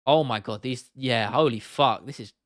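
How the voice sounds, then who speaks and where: A man's voice: medium pitch, moderate pace, fairly bright tone, no echo, clean studio sound. Casual English man chatting on stream. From England. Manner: casual and chatty, swears freely, reads chat aloud. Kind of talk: casual live stream chat.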